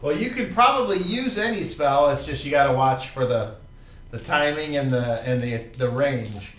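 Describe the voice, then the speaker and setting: A man's voice: a little high, animated, normal speed, fairly bright tone, slight background noise. A man running a tabletop game as game master, narrating attacks in a laid-back, profane, vivid way. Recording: roomy, distant mic with faint ambience.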